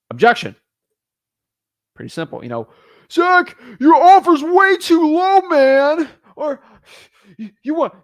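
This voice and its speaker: A young man teaching real estate wholesaling in an energetic, casual way, acting out both sides of phone calls with sellers. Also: mid-range voice, no room sound, studio quality.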